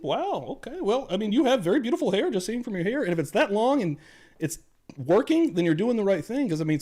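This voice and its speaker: A man's voice: high voice, darkish tone. A man co-hosting a live show, chatting casually with loose, profane banter. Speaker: podcast co-host. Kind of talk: casual livestream chat.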